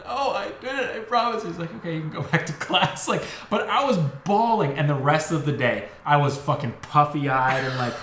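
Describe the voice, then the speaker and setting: A man's voice: a little high, moderate pace, few pauses, fairly bright tone. A young man co-hosting a podcast, telling a story in casual chat, swearing and acting out the voices of the people in it. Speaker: podcast co-host. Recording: echoey room with faint noise.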